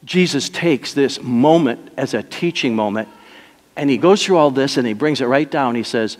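A male pastor preaching a sermon, moving between soft, slow lines and emphatic, raised ones. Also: on the high side. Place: church sanctuary. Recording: long reverb of a church hall.

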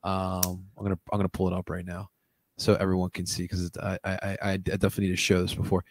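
A man hosting a casual sports podcast, expressive and quick to laugh. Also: deep voice, dry recording. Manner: expressive, laughs often, swings between mumbling and exclaiming. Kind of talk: casual chat.

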